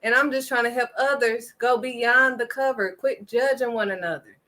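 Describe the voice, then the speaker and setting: A woman's voice: a little high, fairly even intonation, moderate pace, pushed and bright. A woman giving an impassioned faith talk to her viewers, emphatic and preachy, driving points home with a firm "period.". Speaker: faith vlogger.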